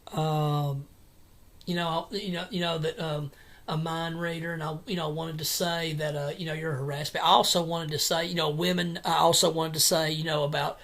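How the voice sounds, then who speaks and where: A man's voice: a little high, a bit bright. Agitated man ranting at home. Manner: agitated, repetitive, halting restarts. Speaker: vlogger. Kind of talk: angry personal vlog rant. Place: home at night.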